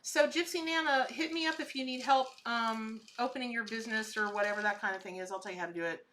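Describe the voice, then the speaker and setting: A middle-aged tarot and spirit animal reader talks with her live stream viewers, chatty and gushing, exclaiming over what she spots. She speaks fast in a slightly high, fairly bright voice, with a little hiss or hum audible.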